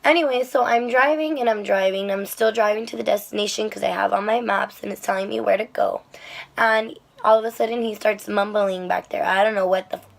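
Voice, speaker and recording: A young woman telling a rideshare-driving story to the camera in a chatty, animated way, with lots of fillers and swearing. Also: mid-range voice, a little fast, vocal fry. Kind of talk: casual storytelling vlog.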